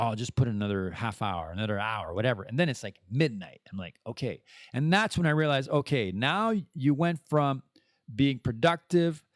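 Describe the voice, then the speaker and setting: On his own podcast, a man talks casually in a solo monologue, rambling, cutting himself off and tossing in playful asides. His voice is medium in pitch, recorded at studio quality with no echo.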